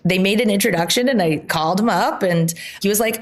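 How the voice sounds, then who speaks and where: A woman guest on an interview podcast, telling her story in a casual, animated way and laughing often. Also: medium pitch, a little fast, few pauses.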